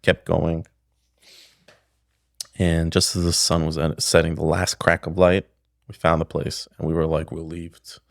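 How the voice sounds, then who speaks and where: A man's voice: low-pitched, completely flat delivery, a little slow, creaky, pauses often, dry recording. A middle-aged man, a podcast guest, telling a story casually, rambling, with many restarts, on a close studio mic. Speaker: podcast guest, pickle maker.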